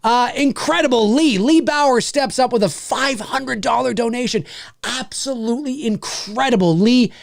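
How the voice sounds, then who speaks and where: A man's voice: very high voice, normal speed, gravelly, no room sound, clean studio sound. A man hosting a livestream, reading out donations and thanking backers, with lots of swearing and stumbling restarts. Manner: swings between shouting and mumbling, swears a lot. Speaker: livestream host. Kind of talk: excited live donation readout.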